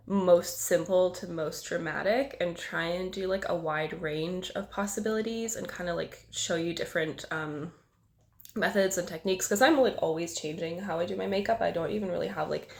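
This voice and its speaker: A woman's voice: lowish voice, vocal fry. A young woman vlogger with a cold, sounding nasal and congested, talking casually to camera and rambling self-consciously with lots of filler words. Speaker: beauty vlogger.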